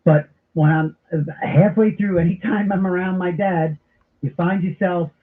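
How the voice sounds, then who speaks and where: A middle-aged man hosting a talk radio show, telling stories in an animated, comic way. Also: high-pitched, measured pace. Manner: animated storyteller with comic impressions. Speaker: radio host. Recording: tinny phone-like broadcast audio.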